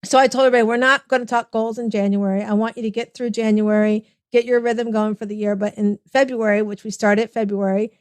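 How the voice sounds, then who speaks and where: A middle-aged woman hosting a conversational podcast, agreeing warmly and chatting in rambling asides. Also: fairly high pitch, flat delivery, fast, few pauses, clean tone, dry recording. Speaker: podcast host. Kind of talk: casual interview chat.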